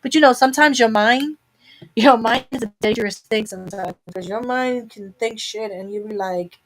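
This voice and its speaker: A woman's voice: on the high side, moderate pace, low-quality recording. Candid woman chatting on a home livestream. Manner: candid, rambling, talks to herself. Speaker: live stream host. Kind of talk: casual chat to viewers.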